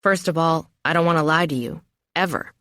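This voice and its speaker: A woman voicing a protective, gentle male lover in an audiobook, speaking softly and earnestly. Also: sits low, fairly quick, no room sound, studio quality. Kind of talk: audiobook narration.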